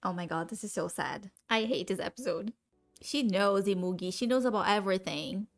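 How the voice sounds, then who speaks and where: A woman's voice: medium pitch, a little fast, vocal fry, soft background music. A woman reacting to a TV drama, emotional and gushing, cursing freely in casual commentary.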